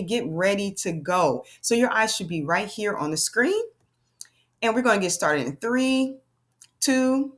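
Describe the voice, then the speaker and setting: A cheerful woman teacher leads little kids through a phonics lesson. Her pitch swings widely and playfully, and her tone is warm and encouraging, with a middle-pitched voice. She talks straight to the children at home as she coaches them along.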